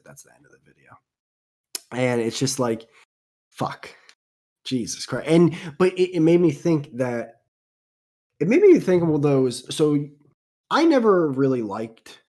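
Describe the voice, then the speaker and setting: A man's voice: mid-range voice, warm tone. A man hosting a casual podcast chat, telling a story in a heated, profane way. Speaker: podcast host.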